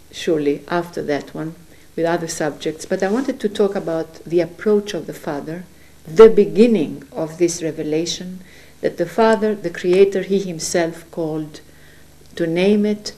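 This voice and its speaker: A woman speaks in a low, mellow voice, sharing a personal spiritual testimony from her home. She is earnest and gentle and sometimes pauses to search for words. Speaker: religious speaker.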